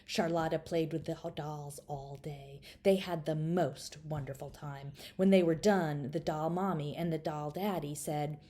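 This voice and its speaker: A woman's voice: low-pitched, steady tone, unhurried, few pauses, mellow. A woman reading her own children's story aloud, playfully speaking straight to the listener and dropping to whispers.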